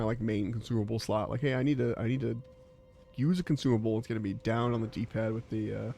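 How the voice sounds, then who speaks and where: A man's voice: medium pitch, darkish tone. Rambling American man streaming a game. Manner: rambling, chatty, many "like" fillers; laughs easily while playing. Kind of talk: live gameplay commentary and chat.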